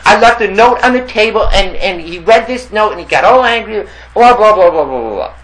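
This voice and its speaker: A man voicing a panicked young male neighbor who pleads and shrieks for help in a frantic, high voice. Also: lively intonation, brisk, fairly bright tone. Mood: indignant.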